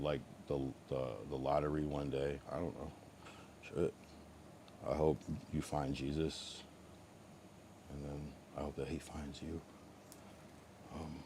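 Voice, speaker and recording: A young man livestreaming, chatting to viewers in a rambling, profane way, swinging from mutters to loud taunts. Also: extremely low pitch, slight background noise. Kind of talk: casual live-stream chat reacting to viewers.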